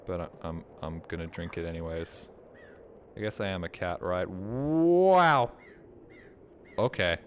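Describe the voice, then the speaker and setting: A man's voice: low-pitched, flat delivery, normal speed, slight background noise. A man streaming a game, chatting casually with mumbled, joking asides.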